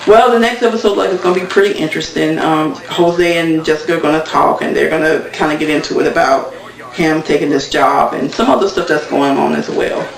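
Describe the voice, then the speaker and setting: Gravelly man recapping a reality show. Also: on the high side, fairly quick. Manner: rambling, filler-heavy retelling. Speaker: TV recap vlogger. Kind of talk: casual episode recap. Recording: echoey room, mic at a distance.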